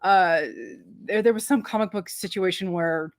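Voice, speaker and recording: A woman co-hosting a movie review show, talking in a chatty, rambling way with quick asides and restarts. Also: medium pitch, no room sound, clean studio sound. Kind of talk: casual movie review chat.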